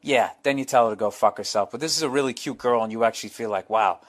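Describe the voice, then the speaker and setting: A man's voice: medium pitch, fast. A middle-aged man hosting a podcast, reading fan letters and riffing bluntly with profane asides. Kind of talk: casual podcast monologue.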